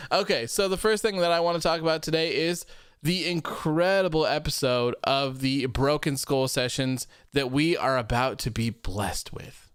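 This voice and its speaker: A young man hosting a wrestling post-show livestream, chatting casually with a rambling, relaxed manner and reading out viewer comments. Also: a little high, normal speed, clear, resonant tone, dry recording, studio quality. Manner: rambling and relaxed, many fillers and repeats.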